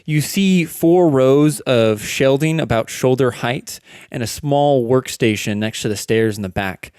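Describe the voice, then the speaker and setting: Man, game master, loose chatty narration, mid pitch, dry close mic. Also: measured pace, a little mellow, clean tone, no echo. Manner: casual, filler-heavy narration with laughs. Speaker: dungeon master.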